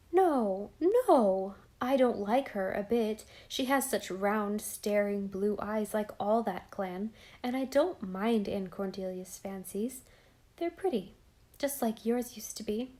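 A woman reading an audiobook aloud, narrating and voicing the dialogue in a gentle, expressive way. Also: mid-range voice, a little slow.

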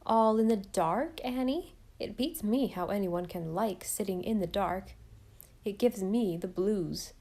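A woman voicing a fussy, self-pitying older aunt who speaks in a slow, reproachful drawl. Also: medium pitch, vocal fry, warm tone.

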